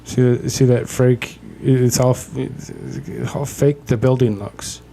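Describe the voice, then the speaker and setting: Brief: male co-host, stumbling and wry, relaxed dark timbre. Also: medium pitch, takes it slowly, creaky, a little hiss or hum. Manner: hesitant, repeats words, wry. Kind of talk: casual commentary chat.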